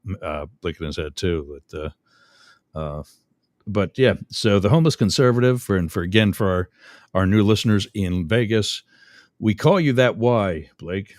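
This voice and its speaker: A middle-aged man hosts a radio talk show, rambling and chatty and often interrupting himself with fillers. His voice is fairly low and darkish, at normal speed, with no room sound.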